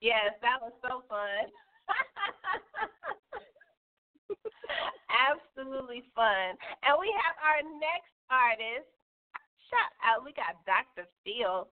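A woman's voice: high voice, very animated, very slow, long pauses. A woman hosting a casual online interview, asking upbeat and enthusiastic questions. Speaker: host. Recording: tinny phone-like call audio.

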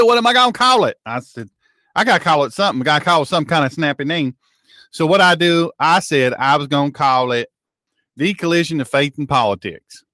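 A man's voice: a little high, pushed and bright, dry recording, studio quality. A male radio show host and pastor, talking in a folksy, sarcastic monologue with a joking mock-drawl.

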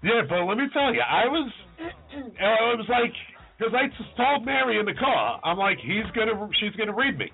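Podcast co-host, man, animated anecdote teller, slightly high voice, tinny phone-quality sound. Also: moderate pace, breathy edge. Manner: animated storyteller, acts out quoted voices. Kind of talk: casual chat. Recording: tinny phone-like audio with faint music.

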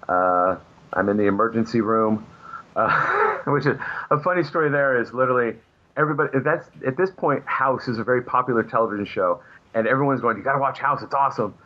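A man's voice: mid-range voice, very animated, a little fast. A man, a comic book artist, telling long anecdotes in a casual interview, with lots of fillers and restarts. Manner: rambling anecdotes with many fillers. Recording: muffled lo-fi audio.

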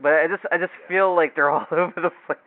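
Male podcast host, slightly high voice, rambling and chatty, thin phone-line audio. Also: fairly even intonation, quick pace, no room sound. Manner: chatty, many fillers and restarts. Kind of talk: casual interview chat. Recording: tinny phone-line sound.

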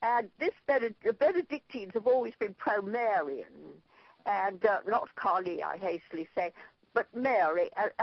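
A woman's voice: medium pitch, no room sound, muffled recording. An older woman with an Irish accent, a guest in an interview, telling rambling anecdotes and laughing at her own stories. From Ireland. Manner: lively, rambling storyteller who laughs at her own tales. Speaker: interview guest, spiritual leader.

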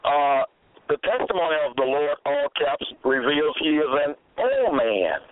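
A man hosting a radio Bible program, lecturing in a slow, deliberate way and repeating his key phrases for emphasis. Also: a little high, sing-song, no room sound. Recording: tinny phone-like dry audio.

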